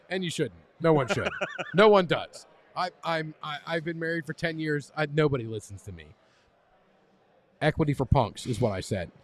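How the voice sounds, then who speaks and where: A man in casual chat as a podcast co-host, joking loudly and repeating himself over drinks. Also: fairly high pitch, animated, moderate pace.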